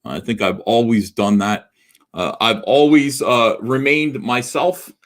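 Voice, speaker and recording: A man's voice: mid-range voice, slow. A man in his forties hosting a casual livestream, rambling and self-mocking, with many filler words and restarts as he reads viewer comments. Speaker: livestream host.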